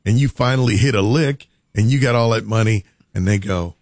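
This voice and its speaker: A man's voice: on the low side, a little fast, no echo, clean studio sound. A man hosting a radio show, telling a comic story and acting out the people in it. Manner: animated, acts out scenes in different voices. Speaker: radio host.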